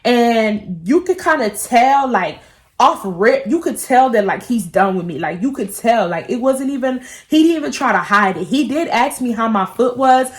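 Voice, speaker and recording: A woman in her twenties telling a storytime vlog, animated and full of profanity as she gossips. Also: on the high side, moderate pace. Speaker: beauty vlogger.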